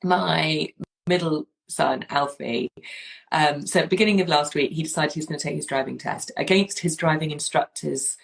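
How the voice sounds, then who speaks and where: Woman, forties, casual chat, rambling storyteller, fairly low voice. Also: steady tone, moderate pace, vocal fry, low-quality recording. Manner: rambling storyteller with many restarts. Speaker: podcast host.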